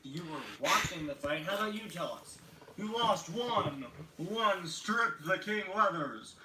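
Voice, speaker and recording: A man voicing a theatrical vampire-like car in a fan-made animated series, speaking slowly and formally with a put-on Transylvanian accent. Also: high-pitched. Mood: gloating. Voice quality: slow, grandiose, overly formal speech. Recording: roomy, distant, noisy clip playback.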